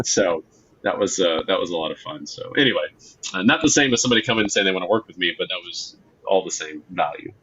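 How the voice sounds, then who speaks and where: Deep bright-voiced man telling stories. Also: quick pace, muffled recording, a little hiss or hum. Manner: excitable storyteller, acts out quotes, many fillers. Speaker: comic book writer, guest. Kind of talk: casual interview chat.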